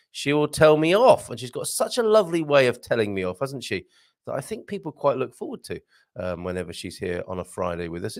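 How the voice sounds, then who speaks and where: A man hosting a casual morning live stream from a home studio, chatting, reading viewer comments aloud and trying out Portuguese phrases. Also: mid-range voice. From Britain. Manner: chatty, rambling, chuckles often, reads comments aloud, tries Portuguese phrases slowly. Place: home studio with green screen.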